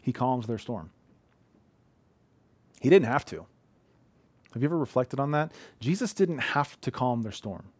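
A man's voice: medium pitch, expressive, unhurried, long pauses, a little mellow, slightly rough, no echo. A man in his thirties preaching an earnest, conversational sermon from a living room, often restarting his sentences. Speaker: pastor.

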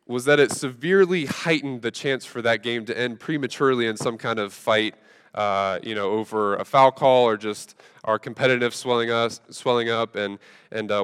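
A man preaching a sermon, telling a funny story in a relaxed, conversational way with lots of fillers. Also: fairly low pitch, clean tone. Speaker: pastor. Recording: long reverb from a large hall.

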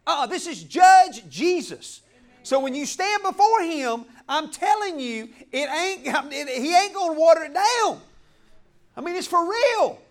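A man pastor preaching a passionate sermon in church, breaking into shouts and laughs. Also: very high voice, sing-song, measured pace.

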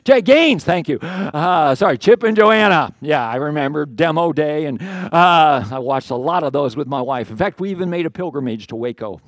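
Out of breath yet expressive, a middle-aged pastor speaks at normal speed with few pauses in a somewhat high voice. He preaches conversationally, joking at his own expense, adding asides, and putting rhetorical questions to his congregation. The sound is studio quality with no echo.

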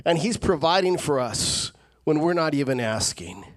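A man preaching a sermon as the pastor, animated and rising to emphatic peaks. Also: a little high, normal speed.

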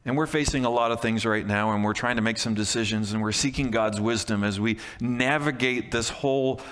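Conversational pastor with a ringing reverb. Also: male voice, medium pitch, fairly quick, fairly bright tone. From Canada. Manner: conversational, with restarts and emphatic repeats. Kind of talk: sermon.

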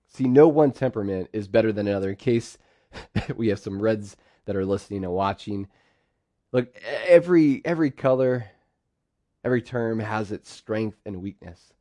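A man preaching a sermon, lively, acting out quoted phrases in sudden bursts. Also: lowish voice, normal speed, no echo, studio quality. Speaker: pastor.

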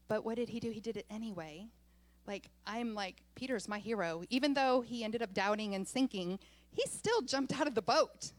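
A woman pastor preaching a sermon, telling a personal story in an animated way and laughing often as she goes. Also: on the high side, normal speed, no echo.

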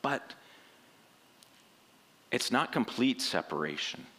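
A man's voice: medium pitch, big pitch swings, slow pace, pushed and bright. A man preaching a sermon in a conversational way, often asking rhetorical questions and checking in with "right?".

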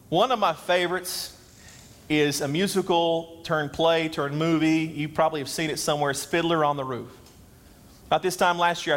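A man's voice: fairly high pitch, a bit bright. A man preaching a sermon as pastor, conversational and self-deprecating. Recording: long reverb.

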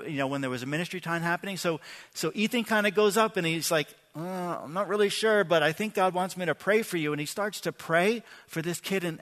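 A man giving a conversational sermon, his voice pitched high and bright. He talks earnestly and casually, repeating words as he goes and checking in with "right?". A long reverb trails behind him, as in a large hall. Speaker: pastor.

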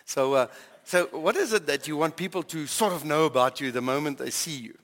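A man's voice: a little high, fairly quick, fairly bright tone, big-room sound. An older man and grandfather, preaching a conversational sermon with many questions to his congregation. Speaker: pastor.

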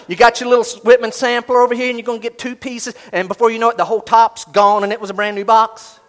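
A man preaching a sermon as pastor, swinging from loud emphasis to hushed asides and acting out quoted inner voices. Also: very high voice, little pitch movement, quick pace, hardly any pauses.

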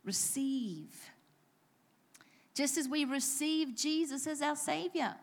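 Lady preacher, high voice, animated and jokey, talking to a church crowd. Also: slow pace. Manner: animated, self-deprecating storytelling with playful asides. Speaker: pastor. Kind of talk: sermon.

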